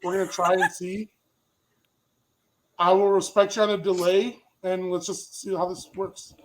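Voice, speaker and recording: A man's voice: high voice, rough recording. A man hosting a livestream panel over a video call, upbeat and joking as he brings on guests. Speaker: host.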